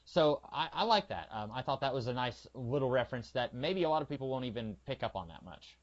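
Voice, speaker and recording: In a casual podcast conversation, this male co-host rambles, fills his speech with "like" and "um," and animatedly re-enacts small scenes. He speaks at medium pitch, slightly fast, and the recording has its highs cut off.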